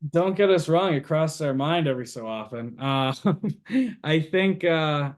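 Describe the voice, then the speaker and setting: A man's voice: on the high side, a little slow. A young man from Boston, a guest on an interview show, telling stories casually with frequent fillers and chuckles. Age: young adult. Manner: relaxed storyteller, chuckles often, many fillers. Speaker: guest, university co-founder.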